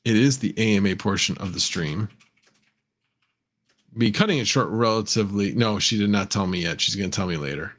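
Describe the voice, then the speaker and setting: A man's voice: fairly low pitch, fairly bright tone. A man hosting a casual livestream, rambling and correcting himself, often chuckling and answering viewers' chat. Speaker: livestream host.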